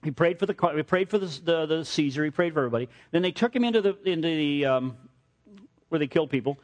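Guy preaching, lively storyteller, repeats himself, voice sits kinda high. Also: fast. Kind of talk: sermon.

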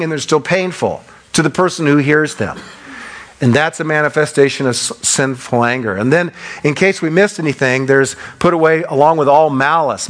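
Passionate, fairly high-voiced male preacher. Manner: repeats phrases for emphasis, swings between loud bursts and quiet asides; loud when passionate. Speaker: pastor. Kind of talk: sermon.

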